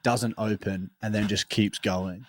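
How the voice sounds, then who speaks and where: A young man, co-hosting a casual podcast and telling stories in a lively, swearing, laughing way. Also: lowish voice, measured pace, no echo, clean studio sound. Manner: animated storytelling, swears freely. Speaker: podcast co-host. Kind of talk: casual chat.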